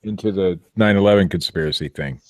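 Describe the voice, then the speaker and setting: A man's voice: low-pitched, quick pace, dry recording, clean studio sound. A man hosting a podcast, joking and rambling with restarts in casual banter. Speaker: podcast host.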